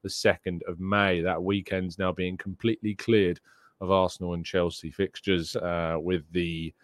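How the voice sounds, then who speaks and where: A man's voice: deep voice, little pitch movement, normal speed, dry recording, studio quality. A man hosting a daily football news show, chatting casually through fixtures and reading out viewers' questions, with frequent ums and uhs.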